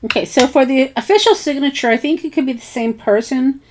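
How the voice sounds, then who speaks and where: A woman's voice: sits high, brisk, darkish tone, slight background noise. A woman hosting a crafting tutorial, thinking aloud in a casual, hesitant way with many ums and bits of self-talk. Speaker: craft channel host.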